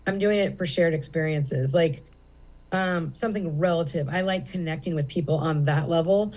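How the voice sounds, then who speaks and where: A woman's voice: sits low, moderate pace, a little mellow, poor audio. A middle-aged woman comedian speaking as an interview guest at a comedy theater, candid and rambling with many fillers. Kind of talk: casual interview chat.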